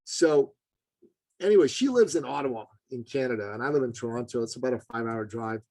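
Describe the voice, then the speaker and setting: A man speaking as a podcast guest, telling an earnest story in an animated way, his voice jumping high for emphasis. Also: fast, dry recording, poor audio. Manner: earnest, addresses host as brother. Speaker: podcast guest, business consultant.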